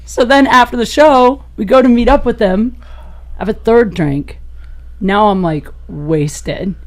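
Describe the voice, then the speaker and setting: Woman telling a wild story on a podcast. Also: a little slow. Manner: animated, gets loud and high-pitched as the story peaks; laughs through her own story. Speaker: comedian guest on a podcast. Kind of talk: raunchy anecdotal storytelling.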